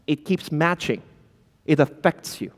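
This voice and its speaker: A man gives a lively conference talk, calling out to the audience and mimicking nervous founders who stumble over their words. His voice sits a touch higher than most men's. A long reverb trails each phrase, as in a big hall. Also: unhurried. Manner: animated, addresses the audience directly; acts out flustered founders with filler words. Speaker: conference speaker.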